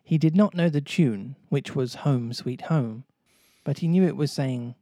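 A man reading a storybook aloud in a playful, warm-humored way. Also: medium pitch, measured pace, no room sound. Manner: playful, jokes and laughs with listeners. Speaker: storybook reader. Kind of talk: storybook narration read aloud.

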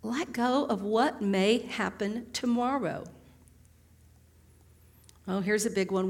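Woman preaching with rhetorical questions. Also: medium pitch. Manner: conversational and warmly humorous, with rhetorical questions. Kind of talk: sermon.

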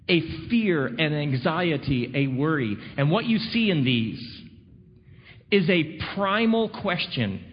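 A man preaching a sermon, sardonic and full of dramatic pauses. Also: a little high, animated. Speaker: pastor. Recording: dull recording in a reverberant hall, faint noise.

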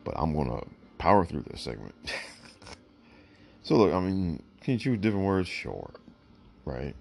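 Fighting off hiccups, this man hosts his own podcast, offering blunt, forceful opinions in solo commentary and repeating "look" to press his points. He speaks low and creaky at a moderate pace with a sing-song lilt.

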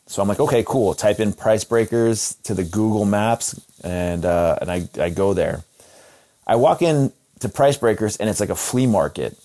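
Young male guest, lowish voice, chatty and animated as he tells a story. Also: moderate pace. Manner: animated, acts out quotes with a raised voice. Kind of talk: casual storytelling.

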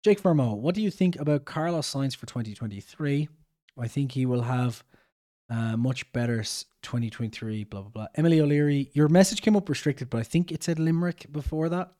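A man's voice: medium pitch, a little fast, dark tone. A young Irish man hosting a podcast, reading out viewer comments in a rambling, chatty way and often correcting himself. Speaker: podcast host.

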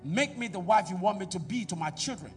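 A middle-aged man preaching a sermon in a church, calling out to the congregation and swinging between loud exhortation and quiet asides. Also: high voice, animated, fairly quick, distant mic, faint music behind. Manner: preaching with call-and-response to the congregation. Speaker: pastor.

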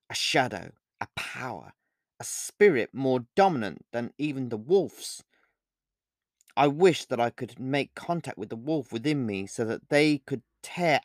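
A man, the author, reading his novel aloud as a steady, earnest first-person audiobook narration. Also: mid-range voice, no echo, studio quality.

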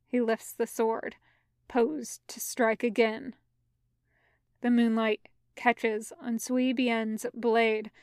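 A woman reading fan fiction aloud as a podfic, in a steady, even narration. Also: fairly high pitch, smooth, no echo, studio quality. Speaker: podfic reader.

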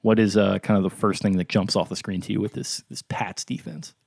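A man with a low voice talks quickly on a casual sports podcast, steering the chat with questions for his co-host. The sound is dry and close, with no room echo. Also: fairly even intonation, gravelly, a little mellow, husky.

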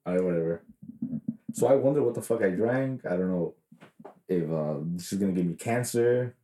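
A man's voice: fairly low pitch, normal speed, mellow, reverberant. A man co-hosting a podcast, telling rambling, profane stories in casual chat, full of fillers. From Mexican heritage. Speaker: podcast co-host.

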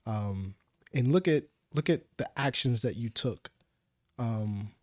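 A man's voice: mid-range voice, expressive, slow pace, no echo, clean studio sound. A young man co-hosting a faith podcast, explaining his ideas in an earnest, patient way. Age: young adult. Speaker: podcast co-host. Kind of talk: casual faith discussion.

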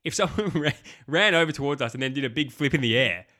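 A man's voice: mid-range voice, animated, fast, pushed and bright. A man co-hosting a podcast, chatting casually and animatedly about a film, acting out lines and swearing freely. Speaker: podcast co-host. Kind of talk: casual film review chat.

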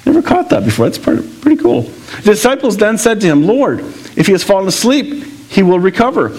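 A man's voice: sits high, very animated, fairly quick, darkish tone. A male pastor preaching a sermon in a conversational way, with asides and laughter.

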